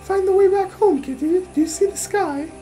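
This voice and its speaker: A woman's voice: very high-pitched, normal speed, dark tone, faint music behind, low-quality recording. A woman reading game dialogue aloud and chatting while she plays. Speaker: gameplay commentator.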